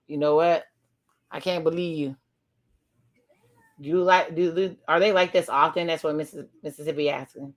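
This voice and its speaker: A woman's voice: deep voice, fairly even intonation, normal speed, long pauses. A woman talking casually through a TV episode, retelling scenes and reacting with exclamations. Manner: chatty, narrates scenes aloud with exclamations. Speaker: reaction video host.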